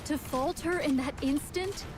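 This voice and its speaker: A woman's voice: sits high, measured pace. Nayuta, a solemn archaic swordswoman. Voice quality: formal, old-fashioned phrasing. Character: solemn archaic-speaking young female swordswoman. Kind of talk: video game voice acting. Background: game music.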